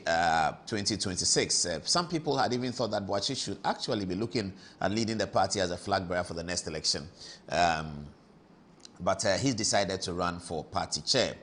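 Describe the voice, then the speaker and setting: A man with a Ghanaian accent hosting an evening TV talk show, telling stories with big swings in his voice. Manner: animated storyteller with big pitch swings. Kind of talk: chatty studio monologue. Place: TV studio.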